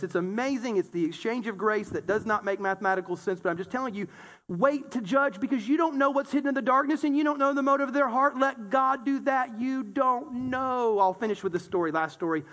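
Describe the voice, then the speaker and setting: Male pastor, 30s, very high voice, humorous animated sermon delivery. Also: moderate pace, in a large hall. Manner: animated, humorous storytelling with acted-out quotes.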